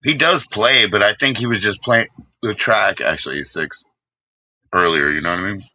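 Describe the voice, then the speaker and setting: A man's voice: on the low side, normal speed, sharp tone, slight background noise. A middle-aged man streaming live, rambling in casual chat, crude and joking, teasing his chat in a sing-song voice.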